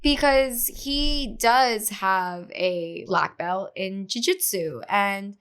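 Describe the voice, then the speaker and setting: Speaking extremely slowly in a smooth, mid-range voice, a young woman guesting on a podcast animatedly retells a story. She leans on lots of fillers and acts out other people's lines.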